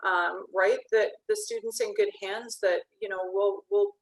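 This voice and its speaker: A woman's voice: medium pitch, fairly even intonation, a little slow, rough recording. A woman hosting an online interview, responding to her guest in an eager, affirming way and summing up his points. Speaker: host. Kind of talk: conversational interview.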